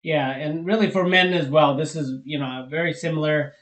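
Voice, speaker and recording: A man's voice: fairly high pitch, steady tone, moderate pace, fairly bright tone, reverberant, poor audio. A man co-hosting, encouraging and conversational as he gives marriage advice. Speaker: co-host. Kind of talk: advice talk for couples.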